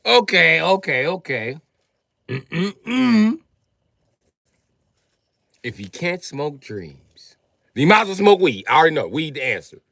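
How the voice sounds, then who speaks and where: Brash male streamer, high-ish bright voice with wild swings, profane comic ranting. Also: normal speed, no echo. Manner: loud, profane, animated, often shouting. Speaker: live streamer. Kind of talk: comedic live stream rant.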